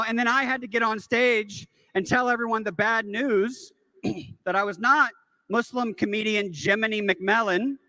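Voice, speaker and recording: A man's voice: extremely high pitch, bright, forceful tone, no room sound, low-quality recording. A man performing a stand-up comedy set with a self-deprecating, conversational delivery.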